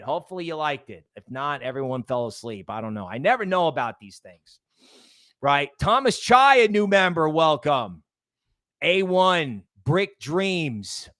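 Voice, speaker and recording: A man's voice: on the high side, fairly bright tone, no room sound, studio quality. A man hosting a casual livestream, rambling and greeting chat members by name. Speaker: livestream host.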